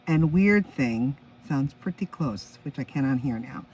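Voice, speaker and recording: A woman's voice: sits low, moderate pace, few pauses, warm tone, slightly rough, distant mic, poor audio. A woman in her fifties hosting her own music podcast in a chatty, enthusiastic way, stopping now and then to react to her notes. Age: 50s. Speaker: podcast host. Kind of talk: casual solo podcast chat.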